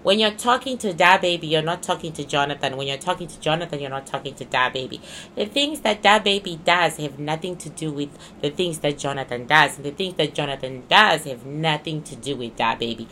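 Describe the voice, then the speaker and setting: Low-voiced, sharp-toned woman giving a reading. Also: brisk, a little hiss or hum. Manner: emphatic and repetitive, restating points. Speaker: psychic reader. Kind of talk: casual spoken card reading.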